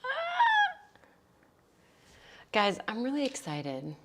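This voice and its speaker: Bubbly young woman, slow chatty delivery. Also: fairly low pitch, noisy background. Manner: bubbly, chatty, swings from excited squeals to quiet asides. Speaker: yoga instructor hosting a livestream. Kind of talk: casual chat greeting viewers. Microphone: livestream mic.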